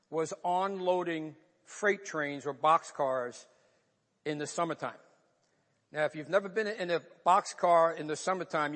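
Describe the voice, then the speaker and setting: A man's voice: on the high side, a bit bright. An older man with a New York accent, a pastor preaching a sermon and telling a personal story in an earnest, emotional way. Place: church sanctuary. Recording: long reverb of a large hall.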